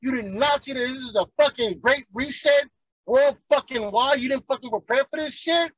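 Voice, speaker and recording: A man's voice: extremely high pitch, normal speed, fairly bright tone, breathy edge, dry recording, dull audio. A man, ranting heatedly and profanely in casual chat as a podcast co-host.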